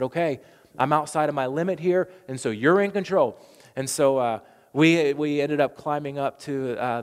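A man preaching a sermon, telling a story earnestly and building up to forceful proclamations. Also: mid-range voice, long reverb tail.

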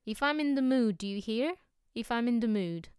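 A woman voicing a brash, earthy, free-spirited man, talking loudly and emphatically in a storybook reading. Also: mid-range voice, a little slow, smooth, no room sound, clean studio sound, close to an everyday voice. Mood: insistent. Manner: loud, emphatic, forceful.

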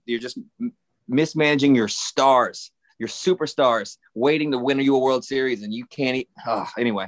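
A man co-hosting a podcast in casual, unscripted chat. He talks in animated rants, swears freely and breaks into laughter. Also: medium pitch, normal speed. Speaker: podcast co-host.

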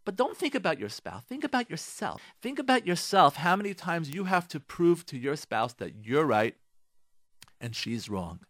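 Rabbi guy on the radio telling a story, voice jumps all over, bright, dry sound. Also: a little high, moderate pace, dry recording. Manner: animated storyteller, speaking straight to listeners. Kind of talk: radio talk on moral advice.

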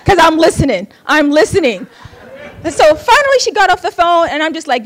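A woman's voice: very high-pitched, sing-song. Wry, self-mocking woman storyteller. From Oakland, United States. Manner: wry and candid, laughing at herself, quick asides. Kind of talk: personal storytelling to an audience.

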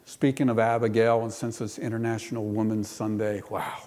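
A man's voice: on the low side, little pitch movement, brisk, darkish tone. A middle-aged male pastor giving a sermon, reading scripture and then explaining it in a conversational way. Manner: reads scripture then explains it conversationally, with playful voices for quotes. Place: church. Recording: long hall reverb.

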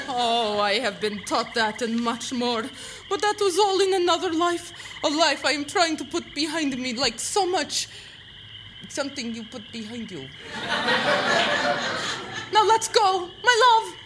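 A woman's voice: high-pitched, normal speed, background noise, close to an everyday voice. A woman playing a dramatic, mysterious woman with a violent past in a comedy sketch, talking in a formal, melodramatic way. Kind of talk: radio comedy sketch acting.

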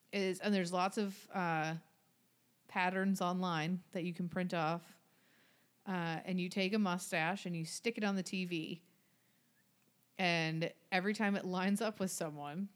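A woman's voice: on the low side, steady tone, unhurried. A young adult woman co-hosting a casual chat, chatty and sarcastic. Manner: chatty and sarcastic, breaks into singing. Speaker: podcast co-host.

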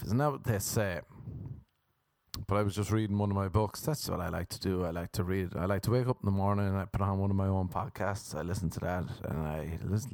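A man's voice: lowish voice, a little mellow, no room sound, studio quality. A man with an Irish accent hosting a podcast, rambling through a crude, self-mocking comic monologue. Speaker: comedian podcast host.

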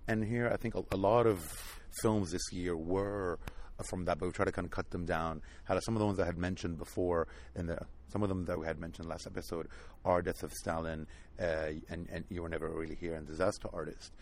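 A man with a very deep voice hosts a film talk, moving things along at a quick clip. A faint ambient hum sits behind him. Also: fairly even intonation, darkish tone. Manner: brisk, steers segments with fillers. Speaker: podcast host. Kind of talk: casual film discussion.

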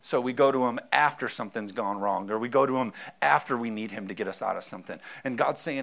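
A man's voice: mid-range voice, fast, gravelly, few pauses, a bit bright. Emphatic man in his thirties preaching. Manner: emphatic preaching, often calling for amen. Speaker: pastor. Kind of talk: sermon.

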